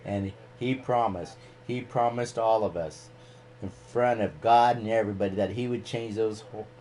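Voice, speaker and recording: A man's voice: lowish voice, fairly even intonation, normal speed, a little mellow, slight background noise. A man hosting a casual live stream, rambling and ranting freely with plenty of swearing.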